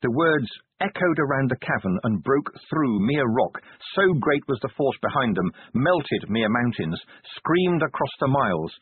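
Husky male audiobook narrator. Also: dry recording. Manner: measured storytelling with lively pitch. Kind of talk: scripted narration of a novel. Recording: phone-like lo-fi audio.

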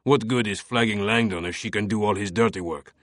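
A hard-edged male police captain, clipped and commanding, speaking low and quiet, put on by a male audiobook reader. The sound is dry and close, with no room around it. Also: fairly quick, no room sound, lightly acted. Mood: harsh. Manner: clipped, curt orders. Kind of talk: audiobook character voice.

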